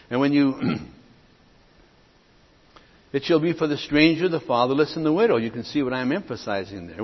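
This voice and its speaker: Earnest male preacher, slightly husky, recorded dull in a reverberant hall. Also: medium pitch. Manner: earnest, addresses listeners as friends, rhetorical questions. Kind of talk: sermon.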